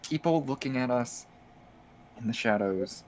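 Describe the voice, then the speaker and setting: A man playing his character in a tabletop game, talking in a hesitant, wary, soft-spoken way. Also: mid-range voice, animated, normal speed. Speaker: player.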